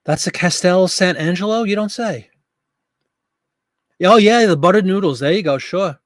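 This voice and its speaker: A man's voice: high-pitched, moderate pace, dry recording, clean studio sound. Chatty joking man in his fifties. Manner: chatty and joking, reminiscing and talking to viewers in chat. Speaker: host of a live eBay listing stream. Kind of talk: casual live-stream chat.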